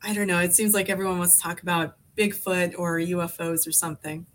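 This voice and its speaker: A woman's voice: lowish voice, flat delivery, fast talker. Woman in her 40s from alaska, guest on a podcast, rambles along with lots of likes and ums. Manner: rambling, many fillers and restarts. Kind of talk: casual conversation.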